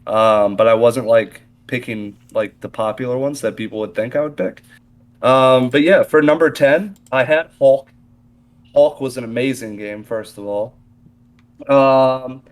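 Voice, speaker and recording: A man joining a podcast as a guest, chatting in a relaxed, hesitant way. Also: mid-range voice. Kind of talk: casual podcast chat.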